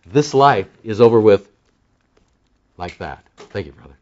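A man preaching a sermon to his church congregation, surging loud on key words and then dropping low and soft. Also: lively intonation, unhurried, muffled recording. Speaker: pastor. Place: church sanctuary.

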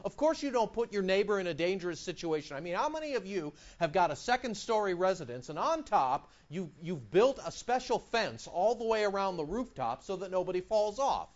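A male pastor preaching a sermon, animated and emphatic, firing off mocking rhetorical questions. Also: high-pitched, fairly quick, few pauses, dull audio.

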